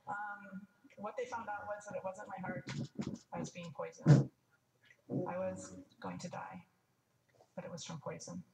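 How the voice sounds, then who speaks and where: A woman's voice: mid-range voice, moderate pace, background noise. An older woman telling a personal story in a frank, wry way, stopping to restart and add asides. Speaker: testimony speaker. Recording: echoey room, mic at a distance, faint ambience.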